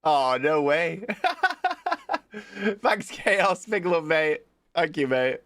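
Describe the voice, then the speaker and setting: Bright-voiced streamer man with a cold. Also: a little high, takes it slowly, no echo. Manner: chatty, greets viewers by name, swears casually. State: has a worsening cold. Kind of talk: casual livestream chat.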